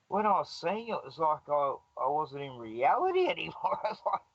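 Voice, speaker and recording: A man's voice: on the high side, big pitch swings, fairly quick, no echo, dull audio. A man with an Australian accent, a guest telling a rambling, laughing story over a video call. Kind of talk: casual storytelling on a live stream call.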